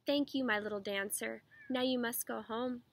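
Gruff, bad-tempered old painter, half blind, read by a woman for a storybook. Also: very high-pitched, fairly even intonation, moderate pace, exaggerated voice, rough recording. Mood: gentle. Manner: gruff, curt, then softening. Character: old, irritable, nearly blind male painter.

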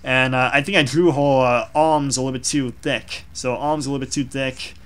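A man's voice: mid-range voice, fairly even intonation, normal speed, fairly bright tone, clean tone. A young man casually talking through his own digital drawing, rambling and self-deprecating, with many fillers. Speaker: drawing vlogger. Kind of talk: casual commentary over a drawing.

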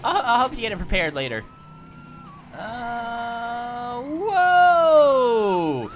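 A woman hosting a let's play, giggly and playful, often shouting at the game. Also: mid-range voice, very animated, rapid-fire, slight background noise. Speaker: gaming host.

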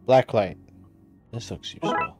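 A gaming streamer plays a detective game, reading its text aloud and cracking sarcastic jokes with frequent laughter. His medium-pitched voice swoops wildly, at a measured pace, with music in the background.

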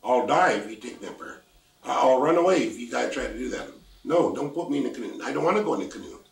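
A man's voice: mid-range voice, moderate pace, gravelly, lightly acted. An older man voicing a spoiled little girl who pleads and wails in a frantic whine. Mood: pleading. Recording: roomy, mic at a distance.

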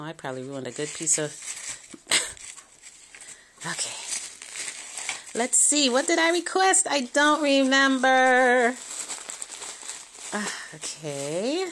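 A woman in her thirties chatting casually to a phone camera at home, gushing with excitement as she opens a craft gift. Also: deep voice, background noise. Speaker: crafting vlogger. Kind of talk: casual unboxing chat to camera.

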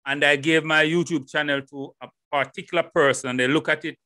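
A middle-aged Jamaican man hosts his podcast alone, loud and animated, firing rhetorical questions at his listeners. His voice sits fairly high and sounds bright and forceful, recorded dry and close at home. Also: fairly quick, dry recording. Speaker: podcast host. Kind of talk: casual solo podcast monologue. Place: home room in Holland. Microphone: headphones and desk mic.

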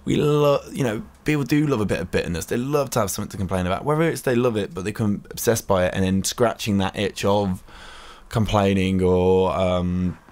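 A man's voice: on the low side, brisk, darkish tone. A British man hosting a comedy podcast, reading from a book with rambling, sarcastic asides. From Britain. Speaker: podcast host.

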